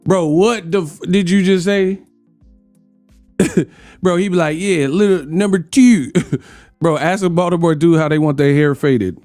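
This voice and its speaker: A man's voice: fairly high pitch, steady tone, a little slow, long pauses, a little mellow, no echo, faint music behind. A man hosting a casual boxing reaction show, joking and laughing in slangy banter. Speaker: boxing commentary host.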